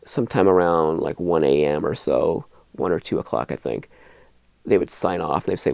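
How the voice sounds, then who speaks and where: A middle-aged man hosting a horror video, talking casually to camera in a rambling, animated way with lots of restarts. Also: low-pitched, normal speed, creaky, no echo.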